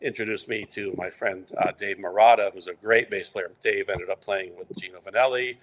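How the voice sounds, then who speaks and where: Low-voiced man spinning long anecdotes. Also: fairly even intonation, moderate pace, a bit bright. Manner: rambling anecdotes with quoted asides. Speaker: interview guest. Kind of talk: casual storytelling.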